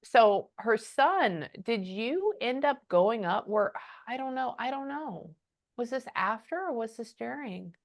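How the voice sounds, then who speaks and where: A woman giving a casual spoken reading as a psychic medium, often pausing and muttering "hold on" while she thinks. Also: fairly high pitch, lively intonation.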